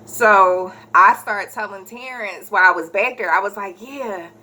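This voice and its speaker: A woman in her thirties, a vlogger casually telling a personal story, animated and correcting herself as she goes. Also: mid-range voice, normal speed. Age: 30s. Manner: animated, acts out quoted voices, corrects herself mid-story.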